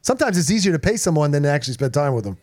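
Pastor guy preaching hard to the church, kinda high voice, lots of "come on now". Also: very fast. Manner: energetic preaching with repetitions and call-outs to the congregation. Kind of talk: sermon. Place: church in front of a congregation.

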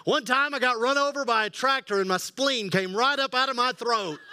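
A man playing a loud, boastful old man who tells exaggerated tall tales with drawn-out punchlines. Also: very high voice, slight background noise, voice pushed up, full character voice.

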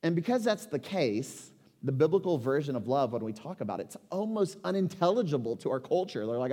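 A man in his forties delivers a sermon in a fairly high voice, moving between easy conversational asides and emphatic rhetorical questions. A long hall reverb trails behind his words. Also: very animated, a little fast, warm tone. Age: 40s. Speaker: pastor.

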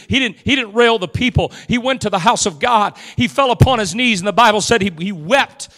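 Man preaching hard in church, really high voice, long reverb in the sanctuary. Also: animated, brisk, few pauses, a bit bright. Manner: fervent preaching with repeated words and rising fervor. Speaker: pastor. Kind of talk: impassioned sermon.

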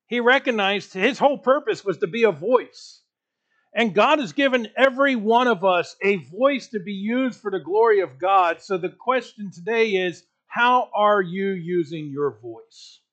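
A man preaching a sermon in a church, delivering it with rising emphasis and pauses. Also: high voice, fairly bright tone, muffled recording. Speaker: pastor.

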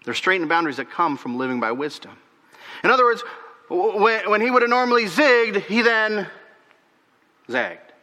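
Animated preacher man in a reverberant hall. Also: high voice, moderate pace, pauses often. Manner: animated preaching, repeats words, rises then drops to near whisper. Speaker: pastor. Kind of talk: sermon.

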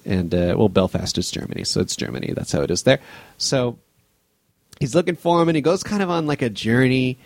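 A man's voice: mid-range voice, animated, brisk, no room sound. Man, podcast host, casual chat, rambling, lots of ums, dry close sound. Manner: rambling plot retelling, full of fillers and restarts.

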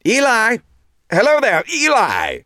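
A man voicing a flamboyant British man with a nasal accent who talks far too loudly and theatrically. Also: huge pitch swings, slow, no echo, clean studio sound, heavily acted. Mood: gushing. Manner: booming, theatrical, gossipy.

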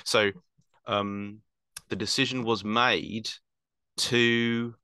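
A man's voice: low-pitched, moderate pace, bright, forceful tone, no room sound. A man explaining wildlife at length in casual chat, rambling with fillers and self-corrections.

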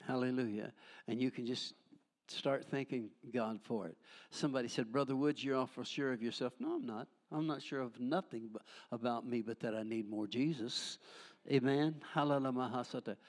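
Fervent older preacher shouting hallelujahs. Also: male voice, mid-range voice, fairly even intonation, normal speed. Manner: fervent, punctuates with hallelujahs, folksy humor. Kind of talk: charismatic sermon.

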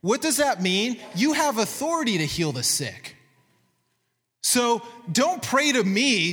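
Lively high-voiced preacher in a reverberant hall. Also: male voice, normal speed, husky. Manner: animated, laughs at his own points, quotes scripture in commanding tones. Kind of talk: teaching sermon with slides.

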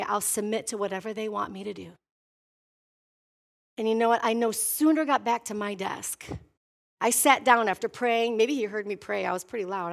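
A middle-aged woman pastor from Wisconsin preaching a sermon, telling a personal story with lively acted-out dialogue. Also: fairly high pitch. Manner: animated storytelling preacher, voicing herself and God in dialogue.

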